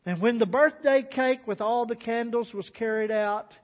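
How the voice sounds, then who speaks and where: A man preaching a sermon as a pastor, telling a story in an animated way, acting out voices. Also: very high voice, normal speed. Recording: dull sound with long hall reverb.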